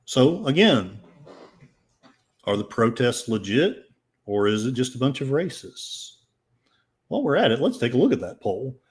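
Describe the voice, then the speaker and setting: Older male podcast host, sarcastic, rambling delivery, mid pitch. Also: sing-song, measured pace, pauses often. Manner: sarcastic, rambling, with frequent fillers. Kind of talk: casual commentary reading headlines.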